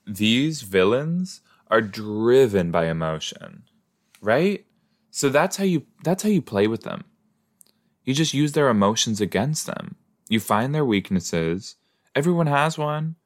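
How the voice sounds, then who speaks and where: A man hosting a casual watch-along podcast, talking back to the characters on screen and musing with playful asides. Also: medium pitch. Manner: chatty, exclaims at the screen, talks back to characters. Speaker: podcast host reacting to a TV episode.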